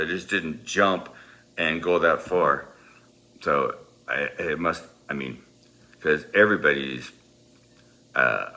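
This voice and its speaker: Very deep gravelly man. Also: bright, forceful tone. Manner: rambling, halting, self-deprecating. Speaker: storyteller. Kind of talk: casual personal storytelling.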